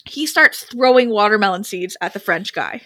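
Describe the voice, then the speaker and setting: A young adult woman co-hosting a podcast, telling a funny travel story in an animated, rambling way with lots of "like" fillers. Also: medium pitch, moderate pace, very noisy. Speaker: podcast co-host. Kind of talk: comedic storytelling.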